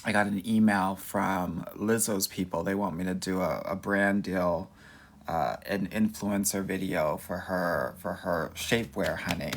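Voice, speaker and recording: A young adult man coaches viewers on dating in a live-stream Q&A, sassy and campy, with a Valley Girl lilt, calling them girl and honey. His voice is low-pitched with fairly even intonation and a measured pace, picked up by a phone or webcam mic.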